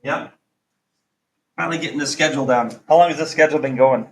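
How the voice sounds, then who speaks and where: A middle-aged man teaching a high school math class, casual and self-correcting, often asking the class questions. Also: fast, slight background noise. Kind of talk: classroom lecture.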